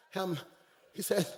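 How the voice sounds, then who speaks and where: A man preaching a sermon as pastor, swinging between shouted calls and quiet, hushed storytelling. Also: high-pitched, big-room sound. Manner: preaching in Black church style, shouting and dropping to a hush.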